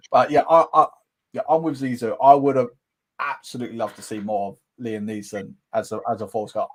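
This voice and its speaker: A British man with a voice on the low side hosts a casual live-stream chat, animated and laughing often as he breaks into quick impressions.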